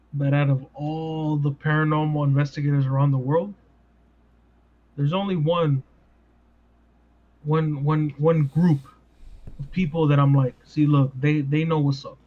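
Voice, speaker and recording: A man hosting a podcast in casual chat, animated and full of rhetorical questions. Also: on the high side, measured pace, long pauses. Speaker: podcast host. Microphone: podcast mic. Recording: dull lo-fi sound.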